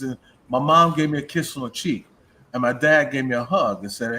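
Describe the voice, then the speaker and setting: A middle-aged man speaks at an even middle pitch, telling a personal story earnestly and growing soft-spoken when it gets emotional. He comes through a video call with faint background noise. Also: brisk. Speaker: co-host of paranormal show. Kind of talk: casual conversation.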